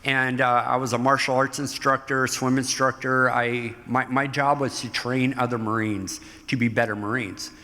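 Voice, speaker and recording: A middle-aged man, a guest in an interview, telling stories from his life in an animated way, often laughing. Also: mid-range voice, normal speed, hardly any pauses. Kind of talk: storytelling interview. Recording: hall reverb.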